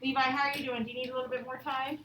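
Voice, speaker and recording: Woman teacher with a high voice, cheery and encouraging, reads sentences all dramatic, echoey classroom, far from the mic, faint hiss. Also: flat delivery, rapid-fire, a bit bright. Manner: encouraging, thanks each pupil; reads example sentences with exaggerated expression. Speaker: elementary school teacher. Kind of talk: classroom grammar lesson. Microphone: distant mic in the room.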